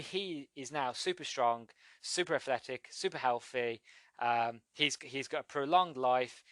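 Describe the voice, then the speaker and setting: A man's voice: mid-range voice, bright, forceful tone, no echo. Rambling man reviewing comics, dry sound. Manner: rambling, many restarts and "you know". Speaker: podcast host. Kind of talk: casual comic book review.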